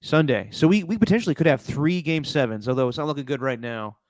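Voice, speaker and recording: A man hosting a casual sports podcast, relaxed and running through live scores. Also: medium pitch, quick pace, dry recording. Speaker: podcast host.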